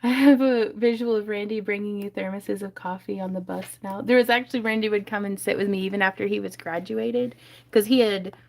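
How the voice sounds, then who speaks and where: A woman's voice: mid-range voice, fairly even intonation, a little fast, gravelly, a little mellow. A woman hosting a casual crafting livestream from home, chatting and laughing often as she reads viewers' comments.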